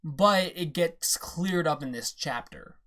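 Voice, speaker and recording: A reaction-video host in casual commentary who reads comic dialogue aloud, rants excitedly and swears freely. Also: mid-range voice, slow.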